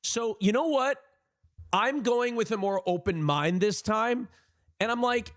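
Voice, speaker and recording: A man's voice: extremely high pitch, measured pace, dry recording, clean studio sound. A man livestreaming, chatting casually with his viewers and giving blunt opinions. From United States. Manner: animated, opinionated, talks to chat.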